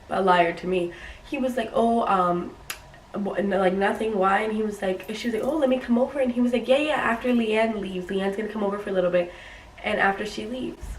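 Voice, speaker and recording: Young woman, storytime vlog, animated quoting, roomy echo, slightly distant mic, faint background noise. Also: mid-range voice, normal speed. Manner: animated retelling, acts out quotes. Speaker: YouTuber.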